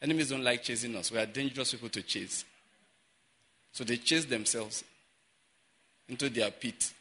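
A man preaching to his congregation, breaking into an animated personal story and asking the listeners rhetorical questions. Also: medium pitch, husky. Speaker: pastor.

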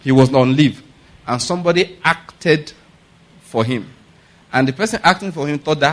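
Nigerian pastor preaching conversationally. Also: male voice, on the high side, normal speed, low-quality recording. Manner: conversational preaching, often asks the congregation if they follow. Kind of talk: sermon.

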